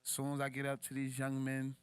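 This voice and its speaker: A man's voice: brisk, clear, resonant tone, no room sound. A young man co-hosting a podcast, telling a casual story full of profanity and street slang. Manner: animated, acts out quoted voices in a much higher pitch. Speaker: podcast co-host.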